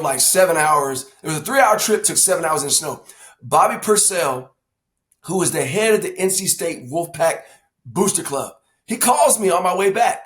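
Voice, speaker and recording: A man, telling family stories on a podcast and acting out quotes. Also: fairly high pitch. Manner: animated storyteller, acts out quotes. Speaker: father of the hosts, former coach. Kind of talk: casual family podcast storytelling.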